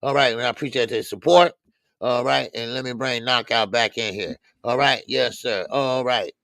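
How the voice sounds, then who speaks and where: In a creaky, mid-range voice with no room sound, a boxing show co-host chats casually on a live stream. He greets each viewer in the chat individually, drawing out his lively shout-outs.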